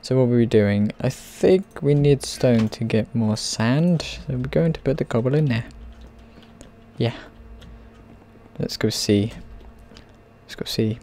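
A man hosts his gaming channel, goofing around and talking to the characters as he plays. His voice is mellow and rounded, and he takes his time, letting each phrase stretch out unhurriedly. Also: mid-range voice, slow pace, long pauses. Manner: playful, rambling, talks to game characters. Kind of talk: gameplay commentary.

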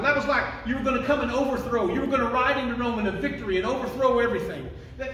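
A man preaching a sermon as pastor, emphatic and building to shouted quotations. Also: very high-pitched, a little hiss or hum. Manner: emphatic preaching, rising to shouts when quoting. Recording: echoey, distant room mic.

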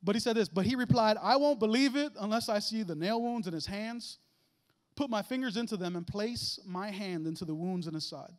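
A man preaching a lively, conversational sermon in a church, joking and acting out little voices and asides. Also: sits high, brisk. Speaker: guest preacher. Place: church sanctuary.

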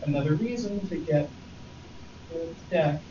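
A man's voice: fairly high pitch, unhurried, background noise. A man gives a casual, rambling workshop presentation and pokes fun at himself now and then. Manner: casual, rambling, self-deprecating. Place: meeting room. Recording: distant, muffled, roomy.

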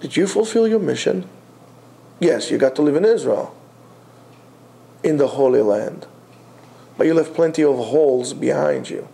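Brief: male Torah teacher, a little high-pitched, mellow, emphatic with rhetorical questions. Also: animated, normal speed, gravelly, long pauses. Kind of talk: Torah class lecture.

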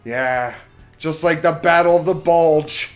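A man's voice: fairly high pitch, slow, soft background music. A man gaming with a friend, crude and grumbling, cursing at his bad shots. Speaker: let's play co-host. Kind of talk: casual gaming banter.

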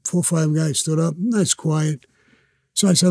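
Older brooklyn guy telling rough stories, cursing a lot, fairly high but mellow voice, dry room. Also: steady tone, unhurried, no room sound. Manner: blunt, profane street storytelling. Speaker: interview guest. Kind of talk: storytelling interview.

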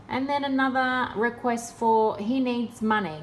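Slow, sarcastic woman venting. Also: on the high side, fairly even intonation, a little hiss or hum. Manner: sarcastic, exasperated. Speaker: vlogger. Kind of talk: casual complaint vlog.

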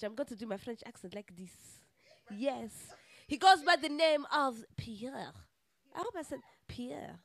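A woman's voice: on the high side, animated, normal speed, no echo. A woman introducing acts on a festival stage in a playful, joking manner. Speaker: event host. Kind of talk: stage announcing.

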